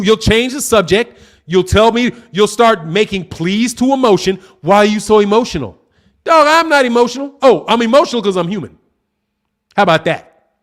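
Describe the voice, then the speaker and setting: High, lively, trash-talking man. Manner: combative, mocking, trash-talking. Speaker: boxing channel host. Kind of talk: live-stream commentary reading super chats.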